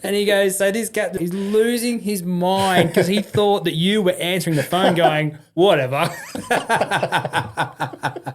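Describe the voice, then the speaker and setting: An Australian man, a veteran guest, telling stories in a relaxed interview, swearing freely and acting out the people in them. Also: high-pitched, slow. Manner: swearing, animated anecdote-telling with laughs. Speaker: podcast guest, army and police veteran. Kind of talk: casual storytelling interview.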